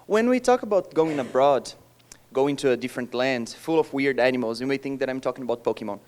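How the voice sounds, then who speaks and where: A man's voice: mid-range voice, lively intonation, quick pace, a little mellow. A young man from Brazil with a Brazilian Portuguese accent, giving a conference talk in a joking, self-deprecating way and laughing between lines. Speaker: conference speaker. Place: conference hall.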